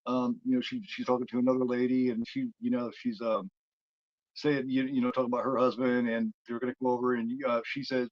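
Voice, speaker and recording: A man's voice: mid-range voice, level tone, a little fast, no echo. A podcast co-host rambles through a film's plot in casual chat, stopping and restarting often. His mid-range voice comes through a muffled, lo-fi recording that sounds dry and close. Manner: rambling, full of fillers and restarts. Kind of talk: casual film retelling.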